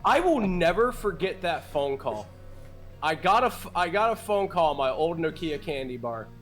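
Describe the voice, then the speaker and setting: Animated man in his thirties telling a story. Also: fairly high pitch, normal speed, soft background music. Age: 30s. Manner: animated storytelling with lots of swearing and laughter. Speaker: game master and streamer. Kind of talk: casual chat between players.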